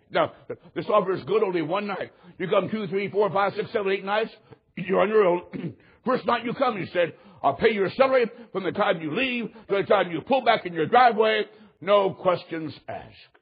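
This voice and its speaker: A man preaching a sermon, telling a story with animated delivery and acting out the quotes. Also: high-pitched, slightly rough, lo-fi sound.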